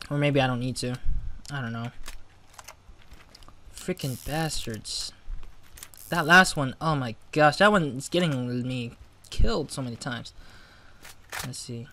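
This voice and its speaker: A man's voice: medium pitch, normal speed, pushed and bright, a little hiss or hum. A man hosting a gaming channel, giving casual let's-play commentary, chatty and flustered when he loses.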